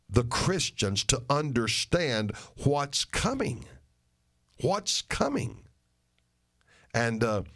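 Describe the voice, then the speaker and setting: An older man, a pastor, making an earnest and emphatic appeal to his listeners, repeating phrases for stress. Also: mid-range voice. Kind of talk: radio sermon and ministry appeal.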